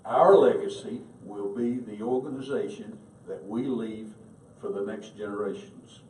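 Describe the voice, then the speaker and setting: A man's voice: lowish voice, unhurried, darkish tone, a little hiss or hum. Rousing man with a Southern US accent. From North Carolina. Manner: rhetorical questions, rousing. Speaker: candidate for national commander. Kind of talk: rousing speech. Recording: echoey hall, distant mic.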